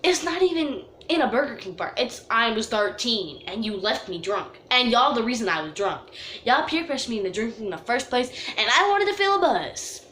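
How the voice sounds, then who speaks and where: A woman telling a storytime vlog story in an animated, dramatic way, full of "like" fillers. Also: on the high side, normal speed, a little hiss or hum. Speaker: vlogger. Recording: echoey room.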